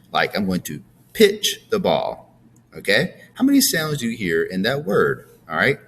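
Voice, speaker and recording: A man's voice: fairly low pitch, a bit bright. A man teaching a phonics lesson to young students, patiently drilling words and checking in with "all right?".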